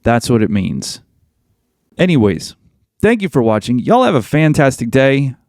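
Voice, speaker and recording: A man holds forth as a podcast host, blunt and emphatic, driving each point home by saying it again. His voice sits at a middling pitch with a noticeably gravelly, fry-heavy texture. The recording is close and dry, with no room sound around him. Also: very animated, unhurried, a little mellow, no echo. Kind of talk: opinionated podcast monologue.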